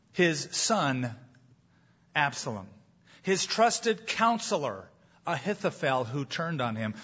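A man preaching an animated, emphatic sermon as pastor, with jokes along the way. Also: mid-range voice, husky. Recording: dull lo-fi sound.

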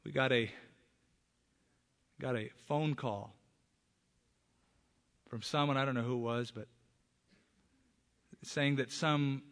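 A man preaching a sermon as pastor, speaking emphatically and punching up key words with loud stresses. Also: mid-range voice, steady tone, slow, pauses often. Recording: long hall reverb.

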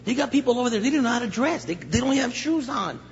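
High-voiced man preaching a testimony. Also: fast. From Los Angeles County, USA. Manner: animated storyteller, acts out voices, jokes with the crowd. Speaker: guest preacher. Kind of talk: sermon testimony. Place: church sanctuary. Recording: echoey hall, slightly dull sound.

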